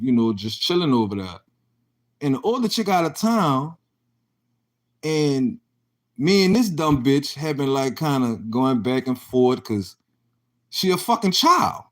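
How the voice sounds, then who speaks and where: A young adult man telling a casual, profanity-laced story about his own life, acting out the exchanges he describes. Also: mid-range voice. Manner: profane, animated, acts out quoted exchanges.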